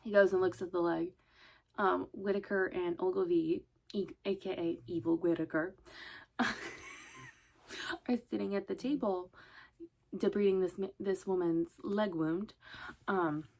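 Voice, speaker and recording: A woman's voice: on the low side, fairly even intonation, a little slow, creaky, pauses often, darkish tone. A woman rambling casually in a vlog, chatty and swearing, often breaking into laughter. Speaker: vlogger.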